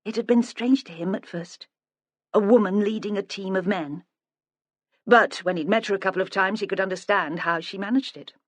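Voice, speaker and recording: A narrator reading a crime novel aloud in measured, even storytelling. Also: mid-range voice, no room sound. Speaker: audiobook narrator. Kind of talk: scripted narration.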